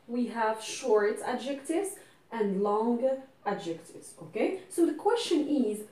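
A woman's voice: a little high, warm tone. Teacher-like woman. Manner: patient, explains step by step, keeps checking "okay?"; switches into French and Arabic to explain. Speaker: English teacher. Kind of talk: classroom grammar lesson. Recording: echoey room, voice from a distance.

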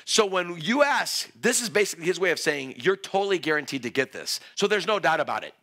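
A man preaching an energetic altar call in a church, excitable and playful, exclaiming and joking with the crowd. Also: a little high, a little fast. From Greek heritage. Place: church sanctuary.

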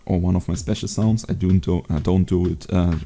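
A young man teaching a beatbox sound in a casual home video tutorial, relaxed and hesitant, with many fillers. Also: sits low, a little fast. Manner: laid-back, hesitant with fillers. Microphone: USB desk mic.

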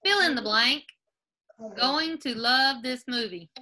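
A woman's voice: sits high, takes it slowly, very noisy. A woman teacher on a video call, reviewing a grammar quiz with her class and patiently spelling out answers. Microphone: laptop video call.

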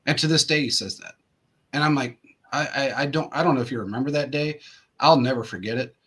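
A man hosting a casual talk show, his voice bright and forward with a husky edge. He spins long, rambling stories, looping back with fillers and restarts as he goes. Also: mid-range voice, brisk. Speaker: host. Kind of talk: casual storytelling chat.

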